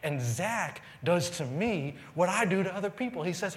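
A male pastor preaching a sermon to a live congregation, telling stories and swinging between loud excitement and quiet earnestness. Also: high-pitched, normal speed, few pauses. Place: church sanctuary with live congregation.

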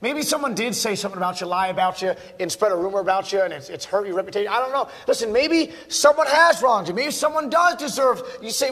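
High-voiced fervent preacher in a reverberant hall. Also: male voice, expressive, fast, few pauses. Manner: fervent, repeats words, rises to near-shouting. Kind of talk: sermon. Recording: long reverb of a large hall.

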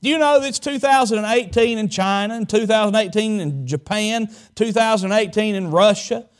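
A male pastor from Southwest Virginia, preaching a sermon and stretching out key words for emphasis. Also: high voice. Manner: dramatic preaching, slows and stretches key words, tells folksy stories.

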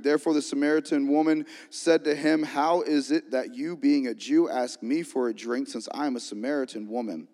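A man preaching a sermon as a pastor, energetic, with call-and-response lines to the congregation. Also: mid-range voice. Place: church sanctuary. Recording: long reverb of a large hall.

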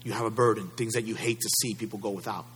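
A man's voice: on the low side, steady tone, fast talker, a bit bright, in a large hall, a little hiss or hum. A man preaching a sermon as pastor, building up with repeated calls to his congregation.

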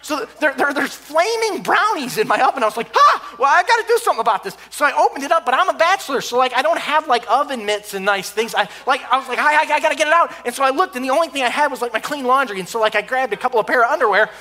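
A man telling a funny personal story in an animated, excitable way, often stumbling and restarting. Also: very high voice, fast talker, few pauses.

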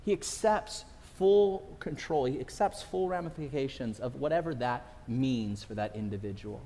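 Storytelling pastor in a reverberant hall. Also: male voice, medium pitch, normal speed, slight background noise. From California, USA. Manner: animated storytelling preacher, repeats phrases for emphasis. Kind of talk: sermon.

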